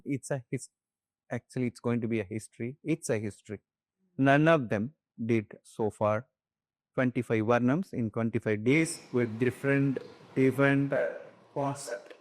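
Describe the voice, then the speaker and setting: A middle-aged man with an Indian English accent, answering interview questions with earnest, animated storytelling. He often restarts his sentences. His voice sits at an ordinary pitch and is recorded dry and close. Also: normal speed, no room sound. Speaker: dance composer and guru. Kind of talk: conversational interview.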